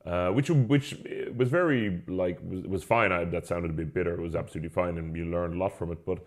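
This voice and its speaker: A man's voice: deep voice, a little fast. A man co-hosting a podcast, chatting casually and telling stories loosely, laughing along. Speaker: podcast co-host. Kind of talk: casual chat.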